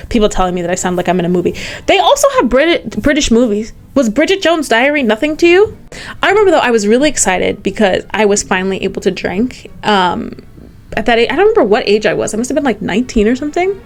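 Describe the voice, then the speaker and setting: An American woman vlogging, telling a casual storytime anecdote in a chatty, animated way, full of "like" fillers. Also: a little high, fast talker. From United States.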